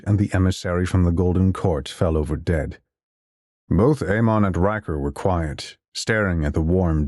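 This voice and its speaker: A man narrates a science fiction audio drama in the first person, telling it in a steady, measured way. His voice sits low, recorded in a clean studio with no echo.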